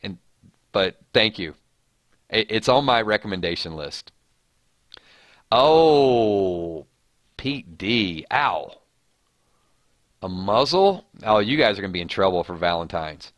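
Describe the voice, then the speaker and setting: A man's voice: lowish voice, big pitch swings, slow, long pauses, fairly bright tone, no echo. A man hosting a casual live stream, chatting and joking as he reads viewer comments. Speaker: livestream host. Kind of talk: casual chat.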